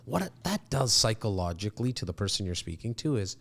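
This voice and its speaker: Animated man coaching on sales. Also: on the low side, fast, hardly any pauses. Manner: animated, emphatic, acts out clients' thoughts. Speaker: real estate sales coach. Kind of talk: coaching talk to an audience.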